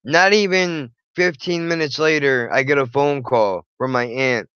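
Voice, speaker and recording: A man's voice: mid-range voice, unhurried, fairly bright tone, smooth, dry recording, dull audio. Blunt, profane young man telling a story. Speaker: channel host. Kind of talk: blunt personal storytelling monologue.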